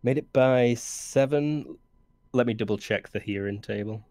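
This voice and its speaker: A man's voice: mid-range voice, measured pace, a little mellow, no echo. A man playing in a tabletop game, talking casually and thinking aloud. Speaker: player.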